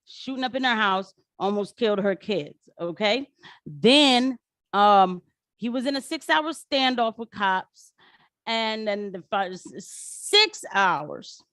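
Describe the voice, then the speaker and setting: A woman's voice: medium pitch, takes it slowly, no room sound. Woman streamer giving slangy live commentary, dry close mic, voice in the middle range. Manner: animated, slangy, laughs often.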